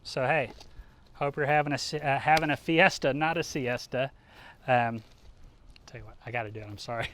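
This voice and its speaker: A man's voice: medium pitch, fairly even intonation, moderate pace, pauses often, a bit bright, slight background noise. A man hosting a live cooking demonstration, talking casually and upbeat with plenty of fillers as he works.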